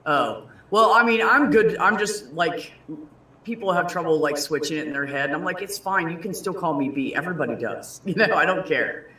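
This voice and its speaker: A man in casual chat, telling stories with lively quoted voices and frequent swearing. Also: a little high, moderate pace, far from the mic. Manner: animated storyteller, swears freely, acts out quoted voices. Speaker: guest. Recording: echoey room.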